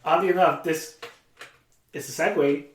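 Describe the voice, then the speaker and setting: A young man, a podcast guest, talking in a calm, measured way and clearing his throat often. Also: on the high side. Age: young adult. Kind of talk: casual conversation. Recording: echoey room, mic at a distance.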